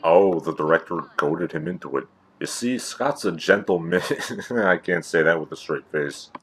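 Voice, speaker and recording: A man's voice: deep voice, normal speed. A man hosting a comedic review, with dry, sarcastic commentary. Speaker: video reviewer and host.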